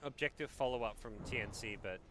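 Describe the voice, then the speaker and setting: An Australian man commentating a live esports match in a chatty, relaxed way, with lots of fillers. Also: mid-range voice, fast, background noise.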